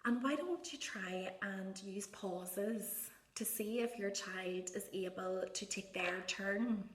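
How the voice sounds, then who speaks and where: A woman speech therapist gives parents gentle, encouraging advice and models words in a soft sing-song voice. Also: mid-range voice, slow pace. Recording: echoey room.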